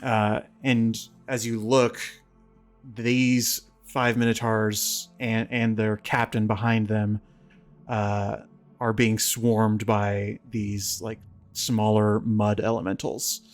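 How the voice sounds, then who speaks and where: A man with a fairly low voice runs a tabletop game as game master, narrating in a relaxed, halting way with many fillers. Faint music plays behind him.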